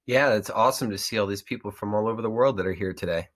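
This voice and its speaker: A friendly man presents a webinar over a video call with an enthusiastic pitch. His voice sits somewhat low. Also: quick pace, a bit bright. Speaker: guest presenter.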